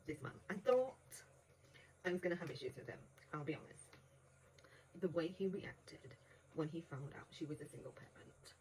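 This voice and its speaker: A woman's voice: low voice, lively intonation, moderate pace, darkish tone, slight background noise, poor audio. A woman giving a casual audiobook review in a chatty way, laughing often and acting out quotes in between. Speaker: book reviewer.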